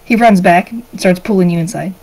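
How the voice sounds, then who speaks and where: A woman game master narrating a tabletop game in a relaxed way, with many pauses and fillers. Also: lowish voice, poor audio.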